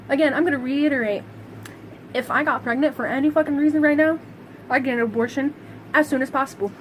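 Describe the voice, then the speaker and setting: A woman's voice: sits high, brisk, long pauses, a little hiss or hum, poor audio. A woman vlogger delivering a heated, sarcastic monologue to camera, swearing constantly. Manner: profane, heated, sarcastic ranting.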